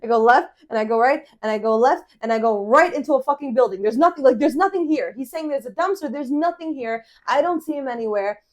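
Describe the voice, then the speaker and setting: Animated young woman telling a story. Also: high-pitched, brisk, hardly any pauses. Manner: animated, swearing, acting out dialogue. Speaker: podcast host. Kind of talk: casual storytelling chat.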